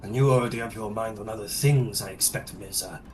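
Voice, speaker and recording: A man's voice: lowish voice, brisk, darkish tone, faint music behind, natural voice. A man voicing a proud, courteous paladin commander with a dry, lightly teasing manner.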